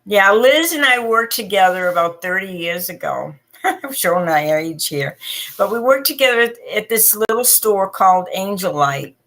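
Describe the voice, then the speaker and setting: A woman's voice: medium pitch, expressive, moderate pace, fairly bright tone. A middle-aged woman hosting a live stream in casual, chatty conversation. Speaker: psychic host of a live stream. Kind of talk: casual chat.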